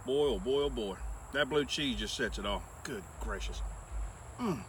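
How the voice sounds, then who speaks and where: A man's voice: mid-range voice, lively intonation, moderate pace, background noise. A man doing a casual taste test with crude folksy humor, out of breath from working. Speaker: taste tester on a cooking channel.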